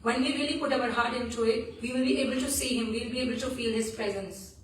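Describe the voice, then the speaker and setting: A woman's voice: fairly high pitch, steady tone, fast, a little hiss or hum. A woman giving a devotional scripture class at a temple, telling stories earnestly with frequent restarts. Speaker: temple speaker. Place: temple hall. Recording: echoey room from far off.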